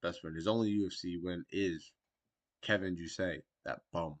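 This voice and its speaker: A man co-hosting a podcast who chats about fights in a loose, profane way. His voice sits very low. He laughs easily and keeps things relaxed. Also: normal speed. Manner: laid-back and profane, laughs often. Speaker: podcast co-host. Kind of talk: casual sports banter.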